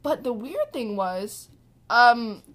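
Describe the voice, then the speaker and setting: A teenage girl co-hosts a podcast, telling a story in a casual, chatty way full of fillers and acted-out quotes. Her fairly high voice is a bit bright, with lively intonation and a slow pace.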